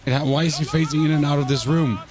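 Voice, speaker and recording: A man livestreaming a game with a hoarse, sick voice. He rambles and jokes straight to his viewers, often stammering and restarting his sentences as he goes. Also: on the high side, fairly even intonation, quick pace. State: hoarse from illness. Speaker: streamer. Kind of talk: live gameplay commentary.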